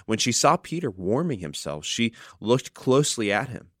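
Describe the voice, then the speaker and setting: A man's voice: mid-range voice, big pitch swings, normal speed, husky, no room sound, clean studio sound. A male pastor giving an earnest sermon, telling a story and reading scripture with dramatic emphasis.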